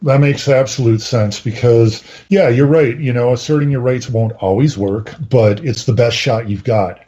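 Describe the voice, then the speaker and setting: A man's voice: medium pitch, normal speed, dark tone. A man hosting a podcast interview, talking conversationally with frequent fillers. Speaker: podcast host. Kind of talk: casual interview talk. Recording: dull lo-fi audio.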